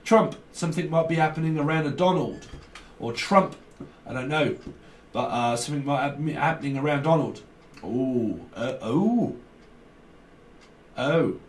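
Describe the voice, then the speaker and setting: A man with a fairly high voice speaks at normal speed with few pauses, giving a wandering, joking tarot reading to camera broken up by chuckles. He's recorded from a distance, so he sounds roomy and echoey over a faint hiss.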